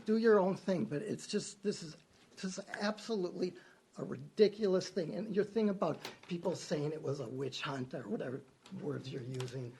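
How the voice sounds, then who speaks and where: Upset gravelly mayor, higher voice. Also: male voice, a little mellow, slight background noise. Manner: upset, defensive, repeats himself. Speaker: mayor at a city council meeting. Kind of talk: council meeting statement. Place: council chamber.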